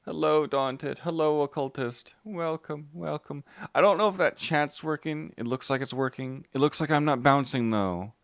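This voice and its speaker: A man's voice: on the high side, normal speed, vocal fry, few pauses, dry recording. A man streaming live, greeting his chat by name and muttering to himself while he fixes his tech.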